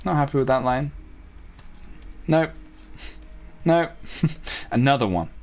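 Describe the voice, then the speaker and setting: A man's voice: mid-range voice, lively intonation, slow, darkish tone. Rambling casual man narrating his drawing. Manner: rambling, self-talking, playful asides. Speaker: youtuber drawing on stream.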